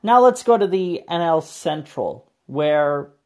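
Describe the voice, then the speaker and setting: A man's voice: on the high side, lively intonation, slow pace. Man steering a casual sports chat. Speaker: podcast co-host.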